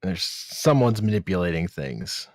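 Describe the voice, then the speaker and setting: A man playing a tabletop game, speaking in a deliberate, measured way. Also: low voice, very animated, dry recording, clean studio sound. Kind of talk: in-character play.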